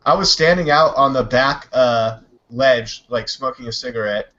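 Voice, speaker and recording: A man hosting a casual online talk show, telling stories with a loose, animated delivery and swearing freely. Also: medium pitch, moderate pace, lo-fi sound. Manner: animated storyteller, swears, mimics others. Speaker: podcast host. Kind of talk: casual chat.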